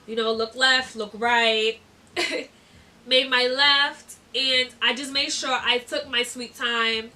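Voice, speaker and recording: Bright, chatty young woman vlogger. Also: fairly high pitch, distant mic. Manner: chatty, giggly, lots of fillers. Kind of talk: casual storytime.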